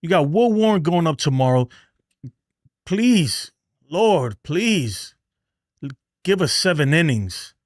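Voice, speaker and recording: A man's voice: a little high, lively intonation, brisk, no echo, clean studio sound. A man hosting a live stream and ranting angrily about his team, swearing, repeating himself and laughing in disbelief. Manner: angry, exasperated ranting with swearing. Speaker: livestream host. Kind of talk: live sports rant.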